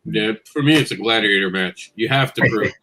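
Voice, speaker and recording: A man's voice: lowish voice, moderate pace, a little hiss or hum. A man who writes comics, talking bluntly and jokingly in a casual panel chat. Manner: blunt, animated, jokey storytelling.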